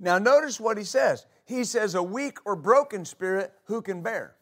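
Male pastor, high voice, preaching a church sermon with rhetorical questions. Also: expressive, moderate pace, fairly bright tone. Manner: preaching with rhetorical questions, reading scripture aloud.

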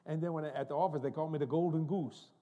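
An older man preaching a sermon, telling folksy, humorous family stories in an animated way. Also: on the high side, quick pace, lo-fi sound. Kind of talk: storytelling sermon. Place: church.

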